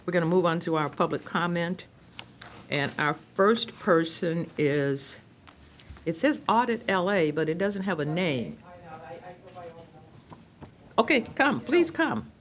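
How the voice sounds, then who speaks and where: A woman's voice: lowish voice, a little slow. A woman serving as commission president, chairing a public meeting in an informal, joking way with filler-laden asides.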